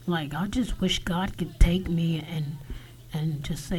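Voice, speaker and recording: Guy on his podcast half whispering, slow and dark, swears a lot, keeps stopping and restarting. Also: a little high, poor audio. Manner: halting, swearing, often whispered. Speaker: podcast host. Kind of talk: confessional monologue.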